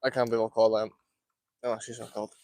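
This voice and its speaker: A young man with a Scouse accent from Liverpool, chatting quickly to his live-stream viewers while fishing outdoors in the cold and laughing often. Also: medium pitch, flat delivery, darkish tone, no echo. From Liverpool, England. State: cold, shivering. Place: outdoors by a lake.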